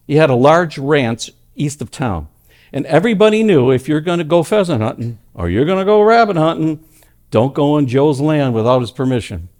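A male pastor preaching a sermon at a church service, telling stories with animated delivery that swings between loud emphatic lines and hushed ones. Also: a little high, moderate pace.

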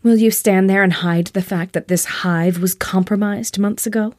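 A woman's voice: steady tone, normal speed, darkish tone, no echo, clean studio sound, close to an everyday voice. A woman voicing a guarded, defiant heroine who speaks curtly and coldly. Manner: curt, cold, low-voiced.

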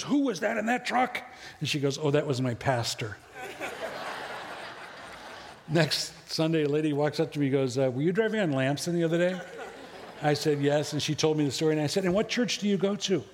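A middle-aged pastor preaches in a church sanctuary, his fairly high voice trailing off into long hall reverb. He talks to the congregation in a storytelling way, with jokes along the way. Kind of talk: sermon.

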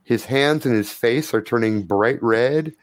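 A man's voice: medium pitch, a little slow, dry recording. A man running a tabletop game as game master, narrating scenes vividly and casually. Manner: animated, vivid scene narration with frequent profanity.

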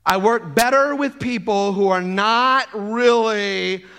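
A man preaching an energetic sermon to a congregation, often acting out playful quoted voices. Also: high-pitched, slow, gravelly, clean tone. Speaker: pastor.

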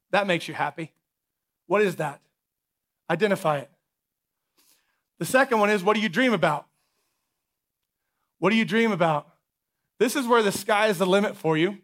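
High-voiced energetic male pastor. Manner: energetic, conversational, repeats questions for emphasis. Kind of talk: sermon.

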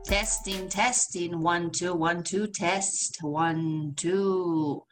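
A woman's voice: fairly low pitch, fairly even intonation, very slow, loud music behind the voice. A woman putting on a prim 1950s lady. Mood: genteel. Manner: old-fashioned genteel phrasing. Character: prim 1950s-style lady, genteel and ladylike. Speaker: podcast co-host. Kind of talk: casual chat in a put-on voice.

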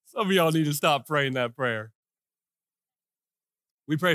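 High, bright-voiced preacher man, impassioned. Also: normal speed, long pauses, no echo, clean studio sound. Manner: impassioned preaching, swinging from shouts to hushed lines. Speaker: pastor. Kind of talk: sermon.

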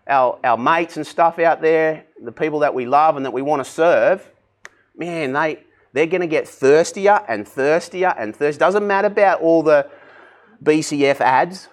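A man preaching a sermon, energetic and conversational, asking the congregation direct questions. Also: a little high. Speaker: pastor.

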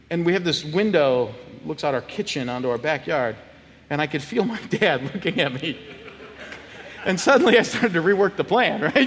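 A middle-aged man, a pastor telling a personal story in a sermon, animated, laughing often and acting out quotes. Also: high-pitched. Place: church sanctuary. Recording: church hall reverb.

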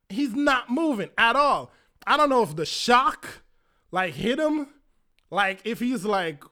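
A young Jamaican man telling a wild story in a casual, profane, animated way. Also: high voice, unhurried. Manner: animated, profane, acts out his own panicked lines.

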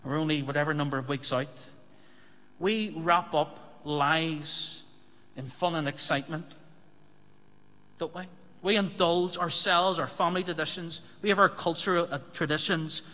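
A male pastor preaching with a bright, forceful voice that sits a little high. He speaks earnestly, asking the congregation rhetorical questions, and his words ring out with a long reverb across a church sanctuary. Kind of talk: sermon.

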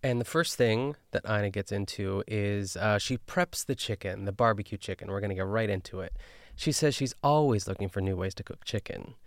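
A man with a low, smooth voice talks casually as a podcast host, recapping a cooking episode. He rambles with lots of fillers and animated asides. The recording is dry and close. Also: fairly quick, no echo. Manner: chatty, filler-heavy, animated.

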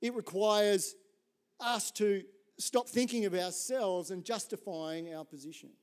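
A middle-aged man preaching a sermon in an animated, conversational way, telling a story and often checking in with "right?". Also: high-pitched, unhurried, clear, resonant tone. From Australia. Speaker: pastor.

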